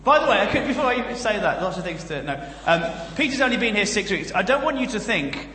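A man with a generic Northern English accent delivers a comic sermon, full of jokes and storytelling. His voice is high and bright. It rings out with a long hall echo around it. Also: fast, a little hiss or hum. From Northern England. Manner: jokey, storytelling, lively asides. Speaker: guest preacher and comedian. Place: church.

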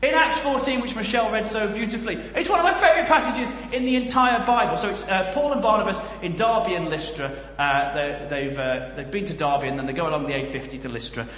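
A man with a Northern English accent preaching a comic sermon, telling jokey stories with lively asides. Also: high-pitched, fast, hardly any pauses, echoey room, in a large hall, a little hiss or hum. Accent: generic Northern English. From Northern England. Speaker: guest preacher and comedian. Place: church.

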